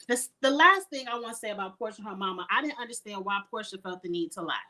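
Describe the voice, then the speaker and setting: A middle-aged woman giving a blunt, profane recap of a reality show live, clearing her throat often. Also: mid-range voice, lively intonation, brisk, sharp tone. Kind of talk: casual live recap with commentary.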